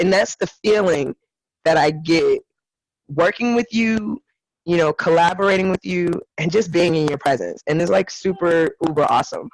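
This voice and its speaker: A woman's voice: fairly low pitch, moderate pace, dry recording, rough recording. A woman co-hosting a casual spiritual podcast chat, effusive and given to acting out what others said. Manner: effusive, acts out others' lines in quoted voices. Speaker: podcast co-host.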